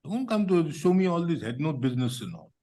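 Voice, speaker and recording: A man's voice: fairly high pitch, big pitch swings, brisk, dark tone. A man with an Indian English accent presiding as a judge, stern and impatient as he lectures counsel in a courtroom hearing. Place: courtroom, on a video hearing feed.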